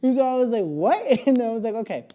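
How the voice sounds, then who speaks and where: A man's voice: very high voice, flat delivery, rapid-fire, dark tone, a little hiss or hum. A young man telling a long story as a podcast guest, rambling with lots of fillers and frequent laughs. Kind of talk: casual storytelling.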